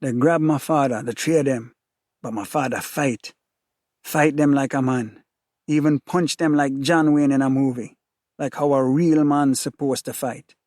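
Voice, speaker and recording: A man's voice: mid-range voice, steady tone, a little slow, darkish tone, dry recording, studio quality. A man with a Jamaican accent giving an intense, rhythmic first-person dramatic reading.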